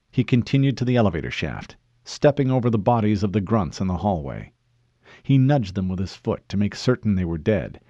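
A man narrates an audiobook, pacing his storytelling carefully and with expression. His pitch is on the low side, and the dry recording sounds muffled.

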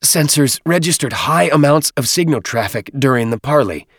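A man voicing a small alien male deacon who squeaks in a high, muffled voice. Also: expressive, moderate pace, dry recording, studio quality. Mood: reporting. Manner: squeaky, muffled over a comm unit.

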